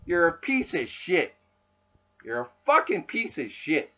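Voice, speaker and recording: An angry man rants into his camera, swearing nonstop in a raw voice that sits fairly high for a man. The sound is dull and lo-fi, like a cheap home recording. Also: wildly swooping pitch, unhurried, pushed and bright. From Canada. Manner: furious, swearing constantly, raw. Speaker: vlogger. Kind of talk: angry profane rant.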